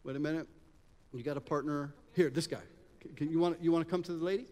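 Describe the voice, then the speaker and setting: A man's voice: on the high side, fast talker. A man running a live audience exercise at a talk, joking and directing people as he goes. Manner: energetic, joking, directs the crowd. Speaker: workshop speaker. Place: event hall with live audience. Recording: long hall reverb.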